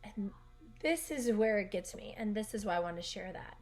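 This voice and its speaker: A woman's voice: mid-range voice, lively intonation, moderate pace, darkish tone, soft background music. A woman coach telling a heartfelt story in a casual, rambling way, often correcting herself, recorded in her bedroom. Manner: earnest, rambling, with frequent self-corrections. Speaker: gymnastics coach and gym owner.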